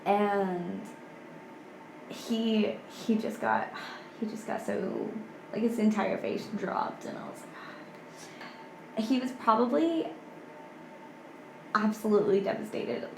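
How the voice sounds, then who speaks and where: A young woman in her twenties, a podcast guest chatting casually and softly, with lots of "like". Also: mid-range voice, sing-song, takes it slowly, gravelly, long pauses, echoey room, noisy background. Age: 20s. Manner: soft-spoken, heavy use of "like". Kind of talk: casual chat.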